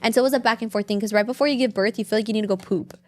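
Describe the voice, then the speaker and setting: Fast-talking young woman telling a story. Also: medium pitch, steady tone, darkish tone. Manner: rambling, heavy on "like", acts out quotes. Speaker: podcast guest. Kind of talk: casual storytelling chat.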